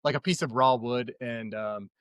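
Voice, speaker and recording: A young man, a podcast guest, telling a story in a loose, animated way with lots of fillers. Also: mid-range voice, moderate pace, dry recording, studio quality. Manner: rambling, animated retelling with many fillers. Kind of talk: casual storytelling.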